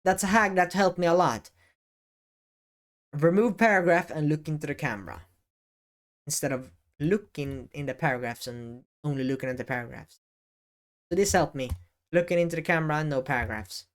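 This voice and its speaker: A man talking to the camera in a casual advice vlog, often halting and correcting himself as he goes. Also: on the high side. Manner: halting, self-correcting, varies emphasis. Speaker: YouTube creator. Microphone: camera facing speaker.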